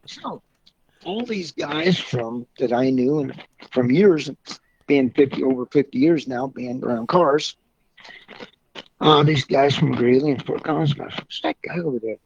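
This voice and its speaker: An older man, a guest from a car club, rambles through casual anecdotes in a folksy way with mild swearing. His mid-range voice is a little slow and darkish, and the dull lo-fi recording carries a slight hiss or hum.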